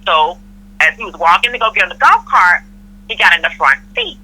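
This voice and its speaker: A woman's voice: fairly low pitch, big pitch swings, brisk, bright, forceful tone, rough recording. A middle-aged woman from Florida telling a work story in casual chat, acting out the people she quotes. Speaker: podcast guest, mother of host.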